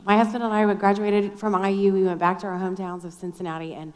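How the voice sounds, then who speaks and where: A middle-aged woman at a Christian conference tells a personal story in a chatty, self-deprecating style, a storytelling sermon talk. She speaks fast at medium pitch with a flat delivery, and a long hall reverb surrounds her voice.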